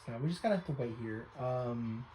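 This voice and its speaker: A man's voice: mid-range voice, a little fast, mellow, soft background music, poor audio. A man giving casual, offhand let's-play commentary over a game, talking loosely with frequent fillers. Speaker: game streamer.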